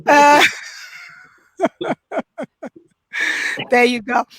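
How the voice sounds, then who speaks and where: A high-voiced woman with an Italian accent does stand-up comedy from home over a video call. She talks slowly, often breaks into laughter partway through a sentence, and mocks herself. The sound is dry and close. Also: no room sound. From Italy. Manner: chatty, self-mocking, often laughing mid-sentence.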